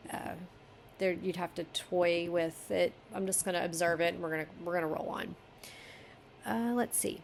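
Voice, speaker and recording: A woman critiquing a fellow writer's chapter, reading passages aloud and thinking out loud as she second-guesses herself. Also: fairly low pitch, steady tone, normal speed, creaky, a little hiss or hum. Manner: musing, self-questioning, flip-flops between options. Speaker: beta reader giving writing critique.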